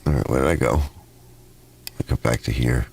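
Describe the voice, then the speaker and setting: A man's voice: rumbling low, moderate pace, gravelly, darkish tone, a little hiss or hum. A man hosting a casual garage livestream, reading viewer comments aloud and rambling through personal stories with frequent restarts. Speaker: host of a garage channel. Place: home garage.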